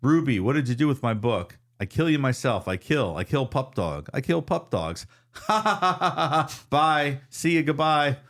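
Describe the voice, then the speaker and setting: A foul-mouthed old brawler , as a podcast host puts him on, rambling and boasting to himself in a gravelly, creaky voice. His lines swing up in pitch as he swaggers and threatens, thick with local slang. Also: expressive, normal speed, close to an everyday voice. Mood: menacing singsong.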